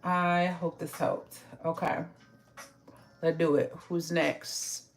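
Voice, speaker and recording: A woman reads tarot cards for her viewers in a loose, chatty way and speaks to them directly. Her voice is low-pitched with plenty of vocal fry. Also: flat delivery, takes it slowly. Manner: chatty, laughs often, talks to viewers directly. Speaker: tarot reader. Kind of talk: casual tarot reading to viewers.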